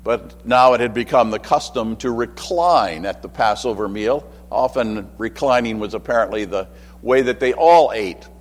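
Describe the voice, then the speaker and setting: A man delivers a sermon in a relaxed, conversational manner, dropping in asides and acting out little quotes. His voice sits at a middle pitch. A long hall reverb trails behind each phrase. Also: normal speed. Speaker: preacher.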